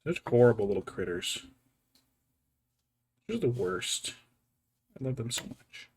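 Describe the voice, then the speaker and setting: A man's voice: medium pitch, sing-song, unhurried, darkish tone, a little hiss or hum. Give me a man streaming while he paints a miniature. He rambles and mutters to himself and his cat, with wry, mock-dramatic grumbles in a plain mid-range voice. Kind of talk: casual livestream chat while working.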